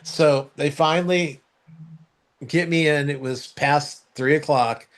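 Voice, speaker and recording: Male podcast host, slightly higher voice, rambling casual storyteller who fills his talk with ums and restarts. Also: takes it slowly. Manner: rambling, with many fillers and restarts; acts out others' voices in high shouts when quoting.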